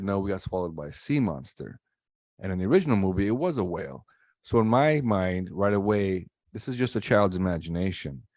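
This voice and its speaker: Low-voiced man giving a casual review. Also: darkish tone, no echo. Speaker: podcast co-host. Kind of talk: casual chat.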